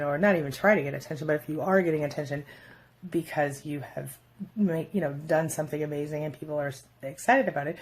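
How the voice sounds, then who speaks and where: A woman with a gravelly, husky voice hosts a casual advice vlog. She speaks straight to her viewers in a chatty way, full of fillers. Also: sits low. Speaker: vlog host giving relationship advice. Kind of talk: casual talk to camera.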